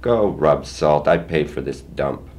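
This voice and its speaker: A man's voice: a bass voice, a little slow, darkish tone. A man voicing a drunken, abusive middle-aged father who snarls threats and slurs his defiance. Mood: belligerent.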